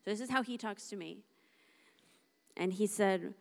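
A woman preaching a lively, conversational sermon to a church congregation, acting out little dialogues as she talks. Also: mid-range voice, normal speed, vocal fry, pauses often. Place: church service.

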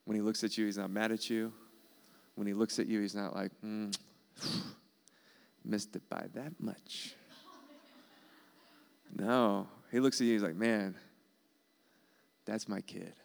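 A man preaches a sermon earnestly, driving points home by repeating them. His voice sits low and has a gravelly edge. Under the grit the tone stays smooth and resonant. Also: steady tone, normal speed, pauses often. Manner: earnest, emphatic preaching with repetitions. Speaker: pastor.

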